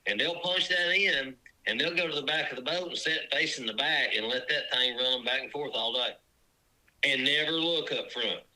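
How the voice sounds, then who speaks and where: A man's voice: medium pitch, moderate pace, rough recording. A man, a fishing guide chatting casually on a podcast and acting out run-ins on the lake. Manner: animated storyteller, acts out lake encounters.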